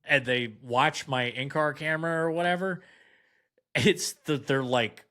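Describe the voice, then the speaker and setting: Young dude telling a wild story on a podcast, bright voice, animated. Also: male voice, on the high side, unhurried. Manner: animated anecdote, acts out quoted voices. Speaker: podcast guest. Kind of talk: casual storytelling chat.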